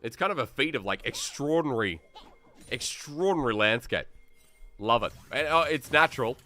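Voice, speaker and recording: An Australian man solo-casting an esports match, excitable and chatty, thinking aloud and reading viewer comments between plays. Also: mid-range voice, normal speed, faint music behind. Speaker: esports caster. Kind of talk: solo play-by-play commentary and chat. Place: New South Wales.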